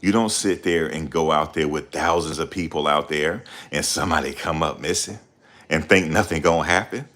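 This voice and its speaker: A middle-aged man hosting his channel, talking in a loud, confrontational, profane rant. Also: a bass voice, moderate pace. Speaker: channel host. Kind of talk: ranting livestream commentary.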